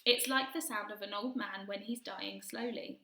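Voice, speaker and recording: A woman's voice: medium pitch, steady tone, moderate pace, vocal fry, sharp tone, roomy sound. A woman voicing a kindly male giant who mangles his grammar and invents words, reading a storybook aloud. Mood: solemn. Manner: jumbled grammar, twisty made-up words. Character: kindly big-eared male giant, gentle, earnest.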